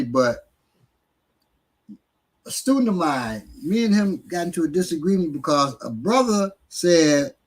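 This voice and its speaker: A man's voice: on the high side, rough recording. A man teaching martial arts on a casual live stream, answering questions in a blunt, streetwise way, sometimes swearing and often using fillers.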